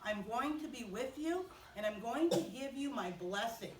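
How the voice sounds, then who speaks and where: A woman voicing God in a children's Bible story, speaking softly and slowly to comfort, recorded from afar in an echoey room. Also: on the high side, expressive, distant mic, noisy background, pitched below the performer's own voice, natural voice. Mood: reassuring. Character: God, calm reassuring voice to Joseph.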